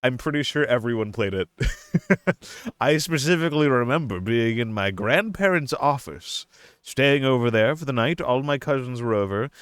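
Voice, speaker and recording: A man's voice: mid-range voice, lively intonation, normal speed, a bit bright, clear, resonant tone, dry recording, studio quality. A young man chatting casually on a live stream, playful and laughing often, slipping into a silly put-on accent.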